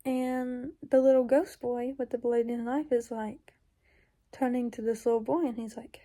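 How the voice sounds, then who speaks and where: A woman's voice: fairly high pitch, steady tone, normal speed, mellow. A woman recounting a dream in casual, rambling storytelling, full of fillers and sometimes dropping into whispers. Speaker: YouTuber.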